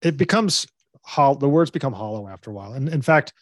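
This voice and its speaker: A man talks as a guest parenting coach, earnest and advisory, speeding up in quick bursts as he explains. His voice is dry and close, with little room sound. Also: mid-range voice, expressive, no room sound. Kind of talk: conversational interview.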